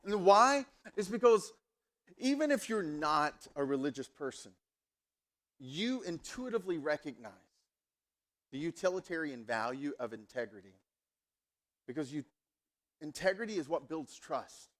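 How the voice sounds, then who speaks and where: A man preaching a sermon at a church service, conversational and animated, telling stories in a casual way. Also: on the high side, measured pace, pauses often. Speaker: pastor.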